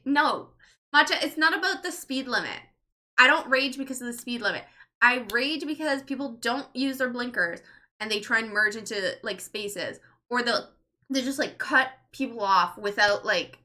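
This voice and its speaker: This streamer, a woman in her thirties, has a sharp voice on the high side. Her livestream talk is casual and rambling as she reads chat, filled with "like" and plenty of free swearing.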